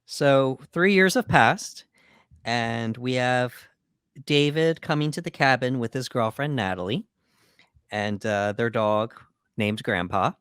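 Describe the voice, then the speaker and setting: Man calmly recapping a film plot. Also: medium pitch, smooth, dry recording, studio quality. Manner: measured recapping with fillers like uh and um. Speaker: podcast co-host. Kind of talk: casual movie recap.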